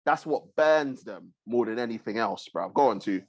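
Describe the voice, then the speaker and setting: A man's voice: mid-range voice, animated, normal speed, no echo. Man, podcast co-host, emphatic, repeats himself, dry sound. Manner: emphatic, repeats points, says bruv. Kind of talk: heated casual chat.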